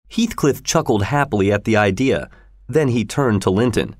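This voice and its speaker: A man narrating a story in a steady, measured way. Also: lowish voice, no echo, studio quality. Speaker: audiobook narrator.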